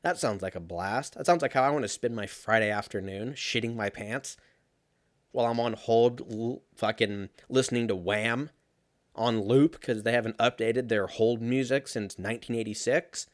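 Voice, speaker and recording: A man's voice: medium pitch, normal speed, no echo, studio quality. Profane, sarcastic young man ranting. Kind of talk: casual storytelling rant.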